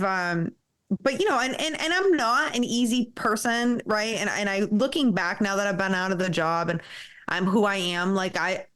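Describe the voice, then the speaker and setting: A woman's voice: mid-range voice, a bit bright. A woman in her thirties speaks as a podcast guest, recounting her experiences in a frank, candid way. She curses without hesitation and laughs often between points. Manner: blunt, profane, laughs often. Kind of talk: candid interview storytelling.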